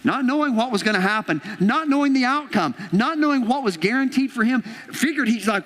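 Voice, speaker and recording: High-voiced male preacher in an echoing hall. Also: brisk, few pauses. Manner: animated storytelling, acting out the characters' lines. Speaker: pastor. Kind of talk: sermon. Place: church auditorium.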